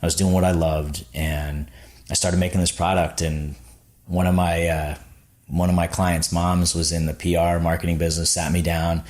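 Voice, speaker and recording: Low-voiced man telling a lively story. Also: moderate pace. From Florida. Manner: animated storyteller acting out quotes, lots of "like". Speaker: podcast guest, snack bar founder. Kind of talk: casual storytelling interview.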